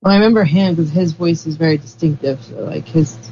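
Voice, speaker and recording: On a group call, a woman with a deep, warm voice rambles casually at a fairly quick clip, searching for words as she goes. The call audio is dull and lo-fi, with faint noise.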